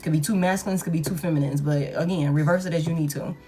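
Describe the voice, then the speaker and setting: A woman's voice: low voice, steady tone, quick pace, mellow, soft background music. A woman giving a casual collective tarot reading, blunt and profane, who repeats her points for emphasis. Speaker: tarot reader.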